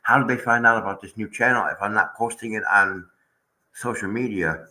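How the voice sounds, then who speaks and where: A man's voice: on the low side, fairly quick, bright, forceful tone, poor audio. A man hosting a casual livestream chat, rambling and aggrieved as he talks to viewers in the chat. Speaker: channel host.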